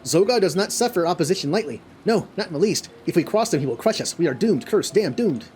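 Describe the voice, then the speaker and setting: A man's voice: high-pitched, lively intonation, darkish tone, soft background music, voice pushed up. A man reading as a whimpering kobold. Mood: fearful. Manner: halting reading with stumbles. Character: cowering, whining male kobold who repeats himself.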